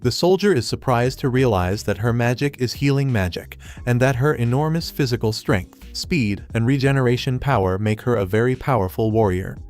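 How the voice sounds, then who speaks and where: A man's voice: mid-range voice, normal speed, hardly any pauses, faint music behind. Man narrating an anime recap. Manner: even, steady retelling in third person.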